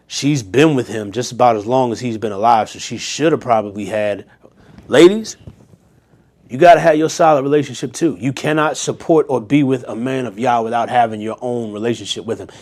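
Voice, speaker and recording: A man leading a Bible study, reading scripture aloud and breaking off into casual, slangy commentary and pointed questions to his listeners. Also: medium pitch. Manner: direct, rhetorical questions to listeners.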